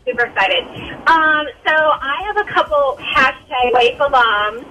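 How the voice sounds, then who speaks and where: A woman calling in to a radio show, bubbly and giggly, talking in quick bursts about her dogs. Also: sits high, expressive, sharp tone, faint music behind, rough recording. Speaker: caller. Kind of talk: casual phone-in chat.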